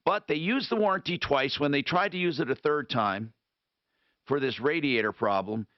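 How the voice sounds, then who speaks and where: A man hosting a call-in radio talk show, rambling and thinking out loud with frequent restarts. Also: medium pitch, moderate pace, no room sound. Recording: dull lo-fi radio broadcast.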